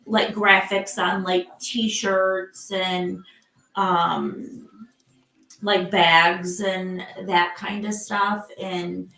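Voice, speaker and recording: A woman's voice: on the low side, level tone, extremely slow, creaky, a bit bright, echoey room, rough recording. An older woman from Michigan hosting a casual live chat, rambling with lots of fillers and restarts. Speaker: live stream host.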